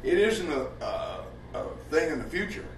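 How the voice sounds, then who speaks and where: A man's voice: a little high, sing-song, normal speed, background noise. A man preaching a sermon in a folksy, emphatic way, asking rhetorical questions in a church. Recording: echoey room with the mic far off.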